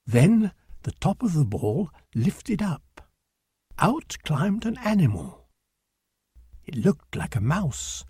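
A man reading a children's storybook aloud in a slow, clear, deliberate manner. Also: medium pitch, a little mellow, no room sound, clean studio sound. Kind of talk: storybook narration.

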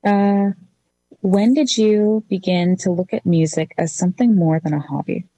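A woman's voice: lowish voice, moderate pace, dark tone, no room sound. A woman interviewing a musician, asking questions and offering frequent encouraging affirmations. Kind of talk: casual interview.

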